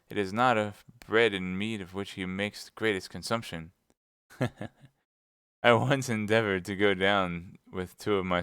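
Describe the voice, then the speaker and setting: A man's voice: fairly low pitch, a bit bright, clear, resonant tone, dry recording, clean studio sound, natural voice. A man doing a distraught innkeeper. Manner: pleading, aggrieved. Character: distraught middle-aged male innkeeper, complaining.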